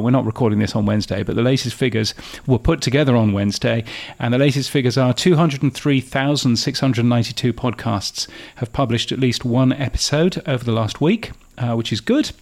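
Chatty gravelly man co-hosting a podcast. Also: mid-range voice, a little mellow. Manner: chatty, self-mocking, many fillers and restarts. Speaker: podcast co-host. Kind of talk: casual podcast chat.

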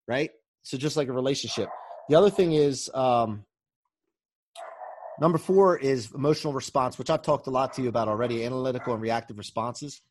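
A man's voice: medium pitch, a little fast, a little mellow. A man who coaches people, talking casually and eagerly from home as a podcast guest, rambling and restarting often. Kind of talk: casual interview talk. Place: home during quarantine.

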